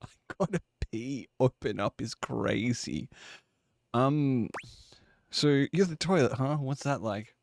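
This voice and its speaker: A man's voice: mid-range voice, slow pace, gravelly, dry recording, studio quality. A man streaming a video game, chatting casually and joking along with it. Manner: amused, laughs and jokes along. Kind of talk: casual gameplay commentary.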